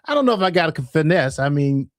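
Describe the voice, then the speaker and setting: A man's voice: a little high, fast talker, no room sound, studio quality. A man hosting a casual livestream, chatting animatedly and laughing at himself. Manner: animated, self-mocking, laughs often. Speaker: livestream host.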